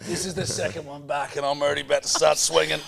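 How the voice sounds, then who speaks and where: An Australian man in his thirties co-hosting a podcast, trading deadpan, sweary banter. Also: on the high side, fast, creaky, crowd noise. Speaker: podcast co-host. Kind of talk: casual chat.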